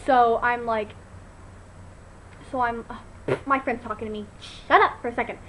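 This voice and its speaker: Chatty teenage girl with a higher voice. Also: moderate pace, a little hiss or hum, low-quality recording. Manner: chatty, animated storytelling, full of "like" and fillers. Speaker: vlogger. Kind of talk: casual chat to camera. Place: at home, indoors.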